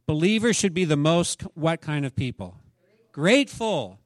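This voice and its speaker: A middle-aged man preaching a sermon as pastor, rising to emphatic peaks and then dropping soft. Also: fairly high pitch, no room sound.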